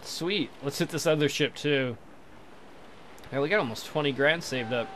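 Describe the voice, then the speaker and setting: A man's voice: on the high side, moderate pace, a bit bright, a little hiss or hum. A young man casually commentating as he plays a game, crude and joking, trash-talking the enemy ships. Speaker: let's play commentator.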